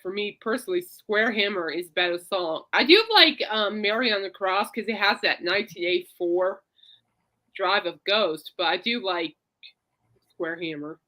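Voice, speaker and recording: A woman's voice: medium pitch, pushed and bright, rough recording. A woman hosting a casual podcast, chatty and reassuring, rambling between topics. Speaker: podcast host. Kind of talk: casual chat.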